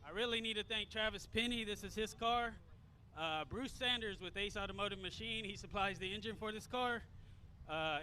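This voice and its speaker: A man with a high, bright voice talks calmly about his race and runs through a list of thanks. He speaks outdoors at a track, with faint noise behind him. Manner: calm, listing thanks. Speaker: second-place driver. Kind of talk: post-race interview. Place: outdoors at a racetrack.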